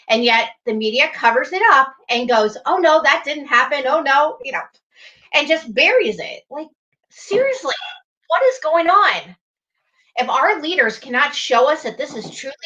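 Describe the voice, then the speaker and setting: A woman's voice: high voice, sharp tone, muffled recording. A woman co-hosting an online morning show, talking in an impassioned, preachy way and urging listeners to wake up. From United States. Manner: urgent, pleading, preachy. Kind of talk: impassioned livestream talk.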